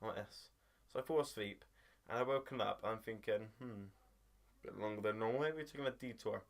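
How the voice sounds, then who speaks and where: A young man telling a rambling story to camera, full of filler words, jumping into high squeals when he acts out what people said. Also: fairly quick, creaky. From England. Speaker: vlogger. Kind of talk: casual storytelling.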